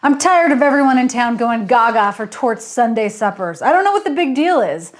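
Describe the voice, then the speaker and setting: A woman's voice: on the high side, big pitch swings, fairly quick. A woman reading aloud and voicing a pushy, boastful middle-aged male hotel owner who bellows orders. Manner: loud, bossy, bellowing. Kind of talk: audiobook character reading.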